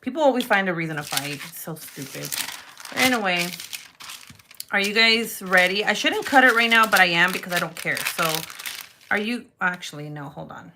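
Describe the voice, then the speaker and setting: A woman's voice: on the low side, animated, moderate pace, noisy background. A young woman casually chatting with her viewers while she works with clay, giggling often. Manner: chatty, giggly, talks to live chat viewers. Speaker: polymer clay livestream host. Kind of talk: casual livestream chat while crafting.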